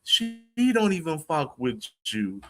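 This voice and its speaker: A man's voice: on the high side, big pitch swings, takes it slowly, sharp tone, faint music behind. A man hosting a casual boxing live stream, laughing often, slangy and profane, talking straight to his chat. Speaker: boxing show host.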